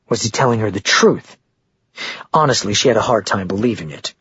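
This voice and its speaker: A man narrating a romance novel in a steady, even storytelling read. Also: fairly low pitch, normal speed, slightly rough, dry recording, dull audio. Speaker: audiobook narrator.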